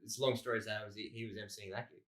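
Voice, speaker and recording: A man's voice: fairly low pitch, level tone, very fast, a bit bright. An Australian man co-hosting a casual podcast, a rambling storyteller who swears freely and acts out what people said. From Melbourne, Australia. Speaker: podcast co-host, comedian.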